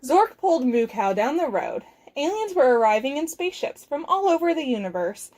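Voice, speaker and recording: A children's librarian reads a picture book aloud, telling the story expressively with clear enunciation. Her voice is high-pitched and her pace brisk.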